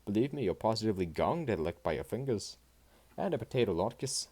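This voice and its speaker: A man's voice: fairly low pitch, lively intonation, a little fast, a little mellow, breathy edge. A man voicing a gushing, chatty woman from an old film script, effusive and doting on her guests.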